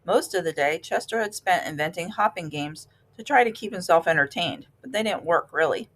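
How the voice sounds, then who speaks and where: A woman narrating a children's novel aloud with a calm, steady reading. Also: on the low side, brisk. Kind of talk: storybook read-aloud.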